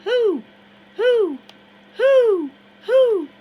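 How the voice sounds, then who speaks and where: A woman voicing an excitable runaway man who hollers and hoots in dialect. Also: fairly high pitch, unhurried, slightly rough, lo-fi sound, pitched above the performer's own voice, heavily acted. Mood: hollering wild. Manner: loud, hollering, dialect speech.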